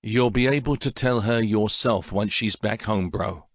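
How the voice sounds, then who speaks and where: Un uomo che fa un giovane amico leale e rassicurante. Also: male voice, lowish voice, unhurried, no echo, clean studio sound. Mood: reassuring. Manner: reassuring, earnest. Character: young man, loyal reassuring friend.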